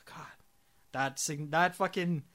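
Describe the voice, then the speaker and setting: A young Canadian man talks with friends in a loose, profane, excitable way. His voice is bright and forceful and sits a little high. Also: slow. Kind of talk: casual chat.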